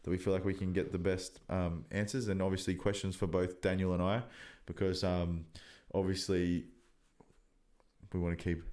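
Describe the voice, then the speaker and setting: A man's voice: deep voice, flat delivery, moderate pace, dark tone. A young man co-hosting a podcast in loose, jokey casual chat, swearing often. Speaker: podcast co-host. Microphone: desk mic on an arm.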